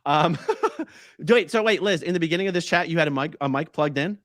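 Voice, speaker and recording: A man co-hosting a casual live stream, reading viewer comments aloud and thinking out loud. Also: fairly high pitch, fairly quick, dry recording, studio quality. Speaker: co-host reading chat questions.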